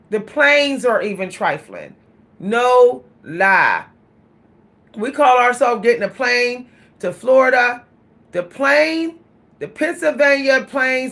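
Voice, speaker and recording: A woman vlogger telling a story in casual chat, animated and laughing, talking straight to her listeners. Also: on the high side.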